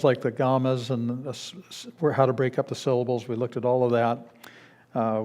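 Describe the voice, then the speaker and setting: A man's voice: medium pitch, darkish tone. A man teaching a beginners' Greek class in a church classroom, explaining patiently with frequent restarts and fillers. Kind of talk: classroom lecture.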